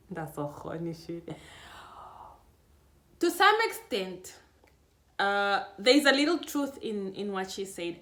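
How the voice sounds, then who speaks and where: A young Namibian woman telling a story in a casual vlog, chatty and animated, laughing, full of restarts. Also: fairly high pitch. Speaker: vlogger.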